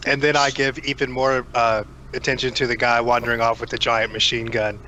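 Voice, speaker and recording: Bright sharp-voiced guy playing a tabletop rpg, lots of ums, slight background hiss. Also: mid-range voice, level tone, fairly quick. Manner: hesitant, many ums, laughs, swears casually. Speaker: player. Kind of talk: casual tabletop play.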